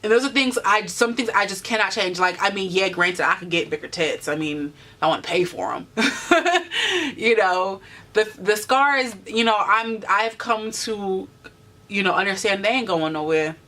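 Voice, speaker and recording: A woman's voice: medium pitch, normal speed, pushed and bright. A woman in her twenties talking earnestly to camera in a vlog, encouraging her viewers with many "you know" fillers. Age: 20s. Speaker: vlogger. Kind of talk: heartfelt talk to camera.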